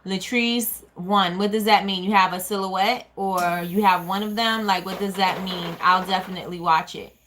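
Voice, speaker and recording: Bright-voiced chatty woman on a live stream. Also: medium pitch, fairly even intonation, moderate pace, hardly any pauses, slight background noise. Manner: chatty, reads and answers viewer comments aloud. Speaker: small business owner hosting a live stream. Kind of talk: casual live-stream chat with viewers.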